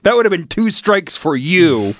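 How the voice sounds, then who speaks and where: A man's voice: sits high, big pitch swings, measured pace, dry recording. A man co-hosting a comedy podcast in casual chat, joking and laughing often. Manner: giggly, jokey, laughs often. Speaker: podcast co-host.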